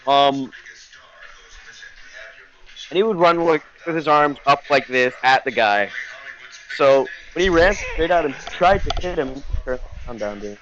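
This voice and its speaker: A man's voice: on the high side, a bit bright, lo-fi sound. A man hosting a podcast, telling a story in a rambling, profane, casual way with lots of fillers. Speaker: podcast host.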